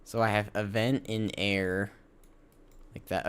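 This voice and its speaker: Slow, low-voiced man thinking aloud. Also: flat delivery, fairly bright tone, smooth. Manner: thinks aloud, halting, self-correcting. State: sleepy, yawning. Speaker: game developer streaming. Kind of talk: casual live-stream coding talk.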